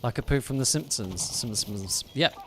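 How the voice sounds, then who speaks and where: A man talks over a live game stream, playful and teasing as he chats with viewers. His voice sits at an ordinary middle pitch. He is heard close on a streaming microphone. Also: lively intonation, normal speed, noisy background. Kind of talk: live gameplay commentary and chat.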